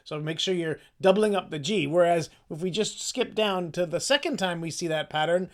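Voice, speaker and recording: A choir practice leader with a fairly high voice runs a casual singing lesson, talking a little fast with few pauses. Chatty and self-deprecating, he walks through the score and sings short phrases to demonstrate.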